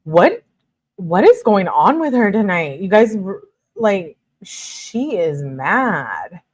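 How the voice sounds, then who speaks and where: A young woman with a medium-pitched voice reads text messages aloud slowly and flatly. She breaks in with shocked asides of her own, much like a true crime commentator.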